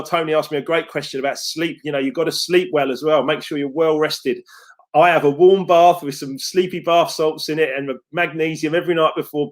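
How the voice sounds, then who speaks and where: A man, a success coach talking casually on a live stream, reading out viewer comments and calling people mate. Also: a little high. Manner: upbeat, chatty, calls viewers mate.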